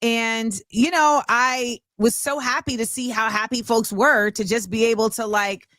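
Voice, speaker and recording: A woman's voice: fairly high pitch, a little slow, no room sound, clean studio sound. A woman hosting a casual talk show, telling stories with acted-out quotes. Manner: animated storyteller, acts out quotes. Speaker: host. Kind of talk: casual chat.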